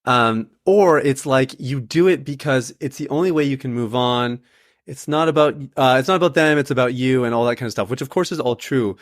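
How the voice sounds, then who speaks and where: A man hosting a podcast interview, relaxed and affirming, with casual fillers. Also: medium pitch, a little fast, no room sound, studio quality. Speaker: podcast host.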